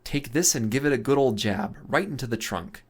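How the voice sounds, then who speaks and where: A man's voice: medium pitch, normal speed, close to an everyday voice. A man voicing Emil, a confident, easygoing young man who talks in a soothing, coaxing way. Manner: coaxing, reassuring.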